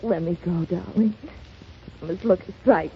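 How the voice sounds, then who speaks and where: An actress in a 1930s radio drama playing a devoted young wife, affectionate, emotional and insistent. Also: female voice, fairly low pitch, moderate pace, creaky. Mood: tender. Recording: dull 1930s radio broadcast, light hiss.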